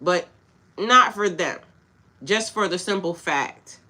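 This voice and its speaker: Blunt bright-voiced woman reading for chat. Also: fairly low pitch, slow. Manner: casual, blunt, slangy, talks back to chat. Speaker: spiritual coach. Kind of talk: livestream tarot-style reading with chat.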